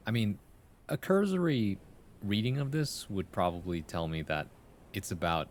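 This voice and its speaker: A man's voice: fairly low pitch, moderate pace, slight background noise. A man streaming live, reading a viewer's poem aloud and giving playful feedback, humming rhythms and often adding "right?". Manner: playful, reads poems aloud, hums rhythms, tags questions with "right?".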